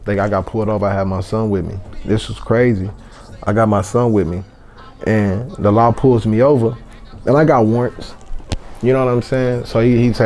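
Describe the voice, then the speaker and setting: Blunt, low-voiced rapper from Texas. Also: male voice, a little fast, darkish tone. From San Antonio, Texas. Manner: blunt and profane, heated storytelling. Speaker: rapper guest. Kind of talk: casual interview chat.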